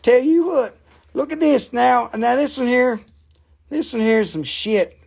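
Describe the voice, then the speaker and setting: A man's voice: extremely high pitch, a little slow, creaky, darkish tone, breathy edge, voice pushed up, heavily acted. A man voicing a rowdy good-old-boy rock dealer in a Southern US accent, drawling and salty, ending his lines with "man.".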